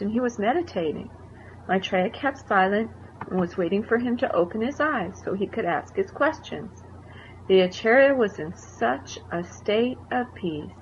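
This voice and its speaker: A woman narrating a life story in a conversational way, explaining asides to the listener. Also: medium pitch. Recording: dull lo-fi recording with faint noise.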